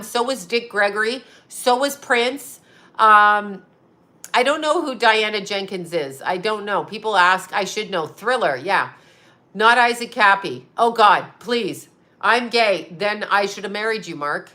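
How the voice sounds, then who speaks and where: A woman's voice: mid-range voice, pushed and bright. A woman hosting a psychic livestream, chatting casually and bluntly with viewers, rambling and often laughing. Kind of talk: casual live chat reading viewer comments.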